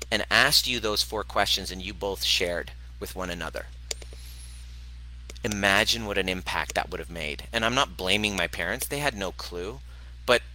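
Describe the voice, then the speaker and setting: A middle-aged man speaks bluntly and with passion, swearing freely and laughing as he goes. His voice sits fairly low but comes across very bright and forceful. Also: poor audio. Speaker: former chiropractor turned wellness video host. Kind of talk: direct-to-camera talk answering a viewer question.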